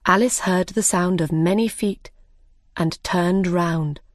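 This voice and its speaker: A woman narrating a simple storybook in a slow, careful, clear reading. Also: fairly low pitch, no room sound, studio quality.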